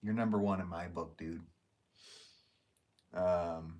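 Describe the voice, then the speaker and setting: A man's voice: sits low, steady tone, slow pace, long pauses, darkish tone. A man hosting a pottery livestream, chatting casually and reading viewer comments aloud in a laid-back way, chuckling often. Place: pottery studio, indoors.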